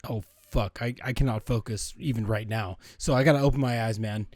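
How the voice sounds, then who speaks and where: A man's voice: medium pitch, fairly quick, a little mellow, no echo. A man co-hosting a podcast in casual chat, hesitant, laughing often and restarting his words. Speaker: podcast co-host.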